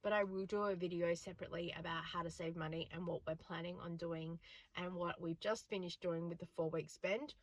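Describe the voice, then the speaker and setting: A woman's voice: on the low side, steady tone, a little fast, no room sound. An Australian woman in her forties, a chatty vlogger telling stories and laughing often. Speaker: frugal living vlogger. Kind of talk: casual vlog chat.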